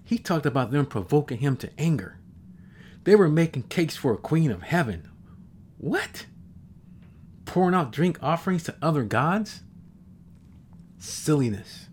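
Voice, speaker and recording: A man in his fifties preaching a sermon, reading scripture slowly and emphatically, repeating verses and adding exclamations. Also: fairly high pitch, sing-song, slight background noise.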